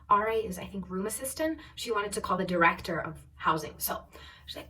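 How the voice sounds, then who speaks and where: A woman's voice: medium pitch, a little fast. Storytelling young woman, slightly distant mic. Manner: animated storytelling, quoting others in raised voices. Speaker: travel vlogger. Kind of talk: storytime vlog.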